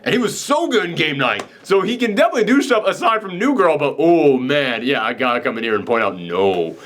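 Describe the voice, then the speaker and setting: Animated ranting man, slightly high voice. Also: fairly quick. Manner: animated ranting, acts out quoted lines in mock voices; rambling with many fillers and restarts. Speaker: podcast host reviewing a film. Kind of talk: casual film reaction chat.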